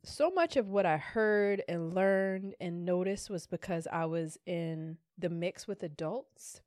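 Loud, tipsy woman podcast host. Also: on the low side, slow, dry recording, clean studio sound. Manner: loud, animated, tipsy and playful. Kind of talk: casual chat.

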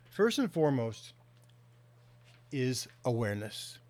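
A middle-aged man, a counselor, giving an earnest motivational talk and slowing down to stress key words. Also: medium pitch, big pitch swings, a little mellow. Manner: earnest storytelling, slows for emphasis.

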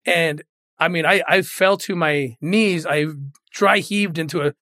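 An earnest middle-aged man speaks in a fairly high voice, recounting hard memories with open feeling as an interview guest. The sound is dry and close, with no room around it. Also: unhurried, bright, forceful tone, no room sound. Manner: earnest, emotional, retells quoted dialogue. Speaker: former federal agent, interview guest. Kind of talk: candid interview storytelling.

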